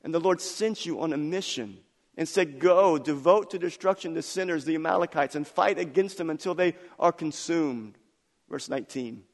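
A middle-aged man preaching a sermon as pastor, animated and acting out the voices of the people in his story. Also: on the high side, gravelly, in a large hall.

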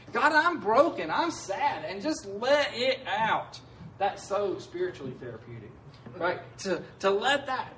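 Man, pastor, sermon, conversational, high-pitched, roomy echo, faint background noise. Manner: conversational, keeps asking "right?". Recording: echoey room heard from a distance.

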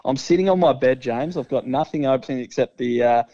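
A man's voice: medium pitch, fairly quick, dark tone, no room sound, dull audio. Laid-back Australian man in his twenties. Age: 20s. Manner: self-deprecating, laid-back, stammers. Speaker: podcast co-host. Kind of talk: casual chat. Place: bedroom, on his bed.

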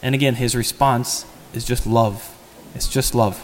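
A man's voice: medium pitch, steady tone, measured pace. A man giving a homily as a priest, in a conversational sermon style that poses rhetorical questions to the congregation. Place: church. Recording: long church reverb.

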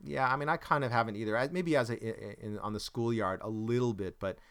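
A man's voice: mid-range voice, fast talker, fairly bright tone, clean tone. A man hosting a casual chat, rambling and searching for words, with self-deprecating jokes. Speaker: podcast host.

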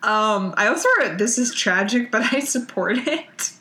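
A woman's voice: mid-range voice, animated, pushed and bright. An American woman recapping a TV episode in casual chat, laughing often and filling with "like". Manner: giggly, filler-heavy, drawn-out storytelling. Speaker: podcast co-host recapping a TV episode.

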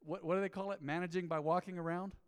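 Middle-aged male pastor, folksy sermon storyteller, slightly high voice, long church reverb. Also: steady tone, fast, smooth. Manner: folksy storytelling, peppered with "man". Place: church sanctuary.

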